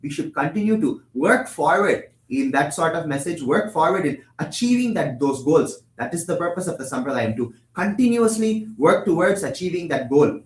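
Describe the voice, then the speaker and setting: Young male temple lecturer, brisk and explanatory, slightly high voice, echoey room. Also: lively intonation. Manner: explanatory, asks and answers his own questions; chants Tamil verses quickly. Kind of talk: religious discourse.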